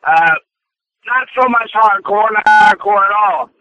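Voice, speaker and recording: A man in his forties, a wrestler guest calling in by phone, talking in a loud, blustering promo style. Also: sits high, unhurried, no room sound. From US Midwest. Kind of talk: phone-in interview. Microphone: telephone. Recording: tinny phone line.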